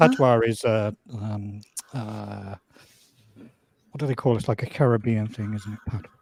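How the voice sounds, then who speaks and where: A man's voice: fairly low pitch, fairly even intonation, normal speed, vocal fry, a little mellow, husky. A man from England telling a story in casual live stream chat, dry and matter-of-fact.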